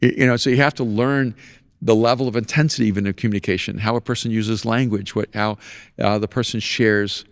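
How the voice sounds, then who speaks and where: A man's voice: lowish voice, steady tone, brisk, dry recording, clean studio sound. A man hosting a podcast in casual conversation, telling stories with animation and laughing often at his own anecdotes. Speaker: podcast host.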